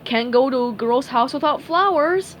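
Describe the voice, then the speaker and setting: A woman voicing a dim, friendly male starfish who talks slowly and loudly in a storybook reading. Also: high-pitched, animated, slight background noise. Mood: dopey. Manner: slow, dopey, emphatic.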